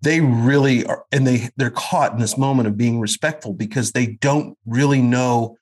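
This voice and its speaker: A man's voice: mid-range voice, normal speed, a little mellow, breathy edge. A man in his fifties, a guest actor, chatting casually and reminiscing with many fillers and restarts. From Kansas City area. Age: 50s. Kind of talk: casual conversation.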